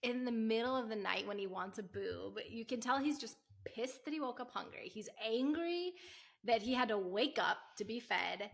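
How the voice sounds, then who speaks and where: A woman's voice: fairly high pitch, expressive, normal speed, gravelly. A young woman co-hosting a podcast, chatting frankly and vividly about new motherhood. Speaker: podcast co-host. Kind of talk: casual chat.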